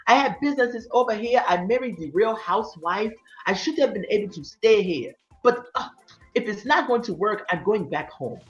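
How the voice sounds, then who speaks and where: A woman's voice: mid-range voice, lively intonation, normal speed, soft background music, pitched above the performer's own voice, natural voice. A woman doing a mock African accent as a bewildered man who is being sent back to his home country, pleading his case in earnest. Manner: earnest, put-upon pleading. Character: male Nigerian reality TV husband facing deportation. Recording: roomy, dull lo-fi sound.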